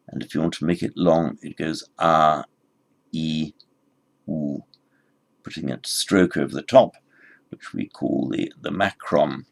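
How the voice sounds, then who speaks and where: A man teaching a recorded grammar lesson, explaining word forms patiently and spelling them out slowly. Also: low voice, gravelly. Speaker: language teacher.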